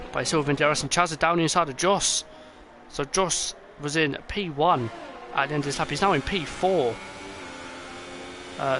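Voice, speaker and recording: Tired man calling a sim race. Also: fairly high pitch. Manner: excitable, rambling, many fillers. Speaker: race commentator. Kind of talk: esports race commentary. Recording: noisy, with game car sounds behind.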